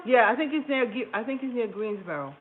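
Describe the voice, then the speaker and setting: A woman with an expressive voice on the high side talks at a quick pace while hosting a home cooking livestream. She runs a cooking channel, laughs frequently, and keeps up casual chat with viewers from her kitchen. Her audio is thin and phone-like, with faint noise.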